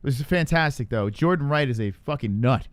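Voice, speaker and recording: A man hosting a casual sports chat, joking and teasing with an animated delivery. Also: medium pitch, fairly quick, dry recording. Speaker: podcast host.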